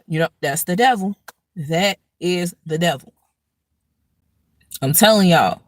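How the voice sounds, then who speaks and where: A woman's voice: fairly low pitch, expressive, a little slow, pauses often, dry recording. A woman hosting a casual spiritual talk, telling everyday stories in a preachy way and acting out angry rants. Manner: preachy, storytelling with acted-out rants. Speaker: host.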